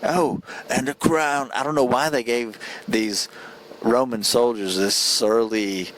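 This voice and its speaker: A man's voice: mid-range voice, fairly even intonation, slow pace, a bit bright, slight background noise, rough recording. A man giving a casual spoken film review, earnest and rambling, often stumbling and restarting his sentences.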